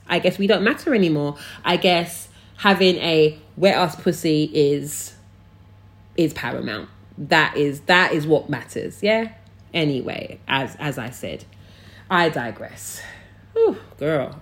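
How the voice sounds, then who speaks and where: A woman's voice: on the low side, a bit bright. A young woman hosting a podcast, ranting casually and bluntly, swearing freely. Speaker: podcast host. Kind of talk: casual opinion rant.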